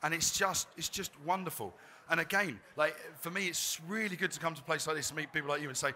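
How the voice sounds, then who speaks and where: A man chats through a cooking demo on a trade fair stage, joking at his own expense as he goes. His voice is strikingly bright and forceful, pitched a little high. Faint ambient noise sits behind him. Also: fairly even intonation, fast talker, few pauses. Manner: chatty, joking, self-deprecating. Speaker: chef giving a cooking demonstration. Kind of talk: live cooking demo talk.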